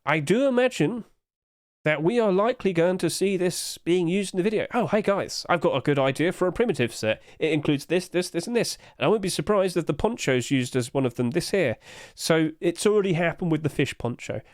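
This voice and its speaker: A man's voice: fairly high pitch, expressive, fairly quick, hardly any pauses, no echo, clean studio sound. A man chatting casually to his live-stream audience, humming little filler noises as he clicks through pages.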